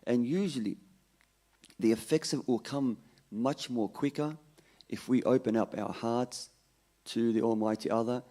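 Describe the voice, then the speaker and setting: A man's voice: medium pitch, steady tone, normal speed, long pauses, mellow. A man giving a conversational Ramadan sermon, telling a story and often restarting his sentences. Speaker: religious lecturer.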